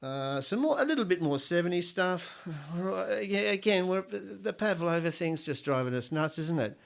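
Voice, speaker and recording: A man's voice: sits high, lively intonation, normal speed, creaky. A middle-aged Australian man hosting a podcast on his own, rambling through jokes and opinions with plenty of swearing. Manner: crude, swearing, rambling joke-telling. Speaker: podcast host. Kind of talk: casual solo podcast monologue.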